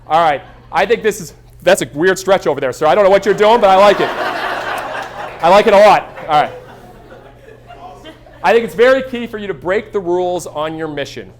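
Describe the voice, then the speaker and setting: A man in his thirties giving a live keynote to an audience, telling energetic stories and acting out quoted voices. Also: high-pitched, brisk, a little hiss or hum. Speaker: keynote speaker. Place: stage before a live audience.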